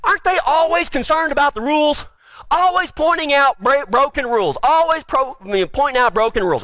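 A male preacher giving a sermon, retelling scripture with animated storytelling, then dropping to a quiet, earnest appeal. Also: extremely high pitch, a little fast, no echo. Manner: animated storytelling, acts out the quoted speakers.

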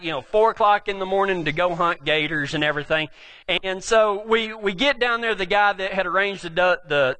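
A man's voice: high-pitched, bright, forceful tone. A middle-aged man with a West Texas accent, a cowboy preacher telling rambling, joking stories in a sermon to a live audience.

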